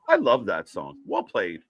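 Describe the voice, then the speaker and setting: Dude with a bright, punchy voice chatting through a wrestling stream, dry close mic. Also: male voice, mid-range voice, slightly rough, dry recording. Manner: chatty, swears casually, reads out chat names. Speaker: co-host. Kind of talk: live wrestling watch-along commentary.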